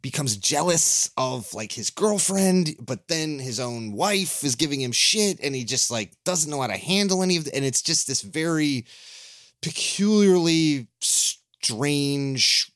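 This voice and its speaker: A man's voice: on the high side, animated, unhurried, fairly bright tone, dry recording, studio quality. A man co-hosting a podcast in casual chat, enthusiastic and swearing freely as he talks. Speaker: podcast co-host.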